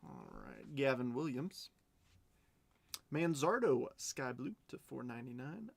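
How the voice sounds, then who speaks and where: A man's voice: medium pitch, wildly swooping pitch, measured pace, creaky, dry recording. A man hosting a live card break stream, chatting as he calls out cards and bids. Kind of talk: live stream auction chat.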